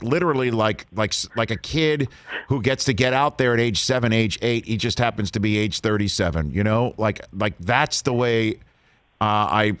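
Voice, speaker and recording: A man hosting a sports talk show, interviewing a guest, enthusiastic and quick to laugh, repeating phrases for emphasis. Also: on the low side, fairly bright tone, dry recording. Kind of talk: studio interview.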